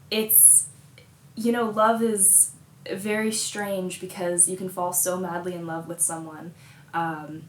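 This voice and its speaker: A bubbly young woman from Colorado answers fan questions in a casual, giggly way. Her voice sits a little low, and the echoey hotel room gives it a roomy sound with a faint hum underneath. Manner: bubbly, giggly, lots of fillers. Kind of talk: casual chat.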